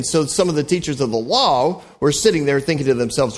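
A man's voice: on the high side, animated, fast, few pauses. Conversational male pastor preaching. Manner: conversational and joking, acts out quoted voices. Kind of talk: sermon.

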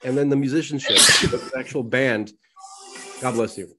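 A man's voice: mid-range voice, steady tone, moderate pace, music in the background. A man co-hosting a casual podcast chat, rambling and emphatic, with a slight lisp, talking to the listeners as folks. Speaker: podcast co-host.

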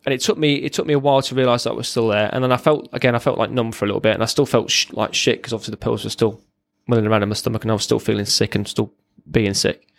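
A man's voice: mid-range voice, fairly even intonation, racing, creaky, few pauses. A man, a military veteran, giving a raw, blunt personal account as a podcast guest, swearing freely and often restarting his sentences.

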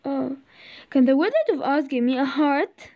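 A woman voicing a timid tin man in a storybook reading, slow and pleading. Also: high voice, lively intonation. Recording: slightly dull recording.

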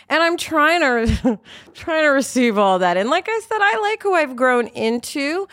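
Chatty, animated woman. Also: high-pitched, measured pace, no room sound, clean studio sound. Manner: animated storyteller, swears casually, many fillers. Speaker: podcast guest, actress. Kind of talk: casual interview chat.

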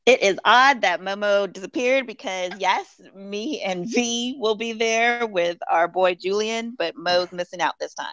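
A woman's voice: medium pitch, unhurried, hardly any pauses, fairly bright tone, no room sound, highs cut off. A woman as a podcast guest in casual chat, easygoing and a little unsure.

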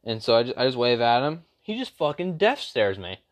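A man's voice: medium pitch, very animated, brisk. Rambling young man telling a story. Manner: rambling, with frequent fillers and slang. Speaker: vlogger. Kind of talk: casual storytime rant.

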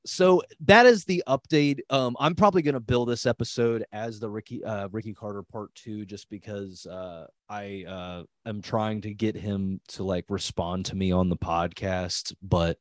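A man's voice: lowish voice, moderate pace, hardly any pauses, dry recording. A young man hosting a podcast in casual chat, rambling and laughing, with crude language. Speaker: podcast host.

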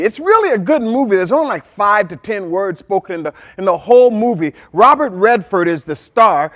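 A male pastor with a strikingly high voice delivers a sermon. He talks conversationally, with frequent asides to the congregation. He bursts into loud, excited exclamations as he tells a story. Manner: animated storytelling with sudden shouted outbursts.

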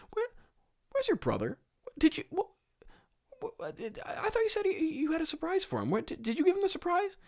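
A man putting on a silly, bumbling male god who pretends not to know what happened. The voice sits higher than his usual talk and has a mock-innocent, giggly lilt. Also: wildly swooping pitch, normal speed, pauses often, heavily acted. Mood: feigned confusion. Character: bumbling male creator god playing dumb.

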